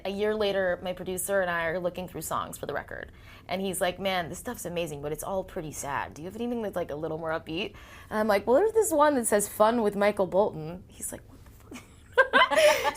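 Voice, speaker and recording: A woman in her thirties, a singer-songwriter telling stories in a casual interview, animated, acting out quotes and laughing often. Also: mid-range voice.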